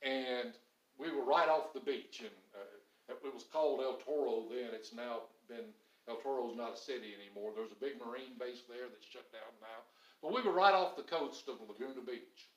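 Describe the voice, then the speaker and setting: A man's voice: medium pitch, moderate pace. A middle-aged man preaching a sermon, telling stories earnestly and landing points with emphasis. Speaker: pastor. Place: church sanctuary. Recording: roomy church echo.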